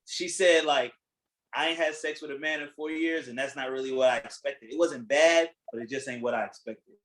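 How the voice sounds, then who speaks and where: Animated man retelling a story. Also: medium pitch, brisk, rough recording. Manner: animated storytelling, acting out quotes; blunt, swears freely. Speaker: podcast host. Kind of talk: casual chat recapping a reality show.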